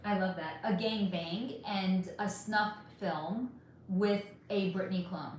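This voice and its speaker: A woman's voice: medium pitch, takes it slowly, darkish tone, a little hiss or hum. Woman livestreaming in a very echoey room. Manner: frank and casual, swears freely, trails off with fillers; putting on makeup while talking. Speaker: livestream host reading chat questions. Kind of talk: casual livestream chat. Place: at home.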